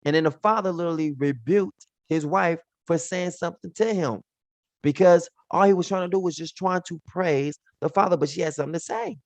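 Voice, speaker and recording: A man with a fairly high voice teaches scripture casually and in slang. He acts out the characters' words as he retells the stories. The sound is dry and close. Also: a little fast, a little mellow, no echo. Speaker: Bible teacher. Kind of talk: informal Bible teaching.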